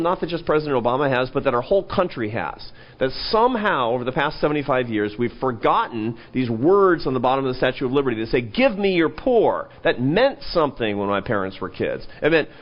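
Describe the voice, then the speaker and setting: A man in an interview, an animated storyteller who jumps up in pitch when quoting people. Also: brisk. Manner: animated storyteller, rises sharply in pitch for quoted lines. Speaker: interview guest, think-tank president. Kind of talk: conversational interview. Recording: dull lo-fi event recording.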